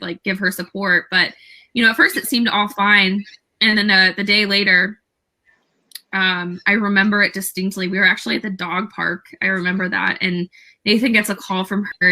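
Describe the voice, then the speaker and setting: A young woman, a guest on a talk show, telling a story casually with many fillers and lively quoted dialogue. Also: mid-range voice, low-quality recording.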